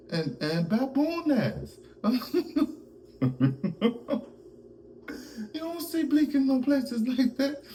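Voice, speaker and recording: A man putting on a high, whiny voice to mock a boastful male rapper. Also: warm tone, far from the mic, slight background noise, heavily acted, poor audio. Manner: squeaky, bragging, drawn-out.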